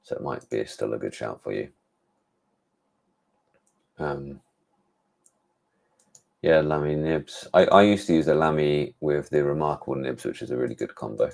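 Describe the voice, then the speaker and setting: A man's voice: extremely low pitch, lively intonation, moderate pace, vocal fry, long pauses, darkish tone. A man with an English accent, hosting a casual live stream about tech gadgets and thinking aloud with frequent restarts. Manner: rambling, thinks aloud with many restarts and fillers. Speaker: tech reviewer hosting a livestream.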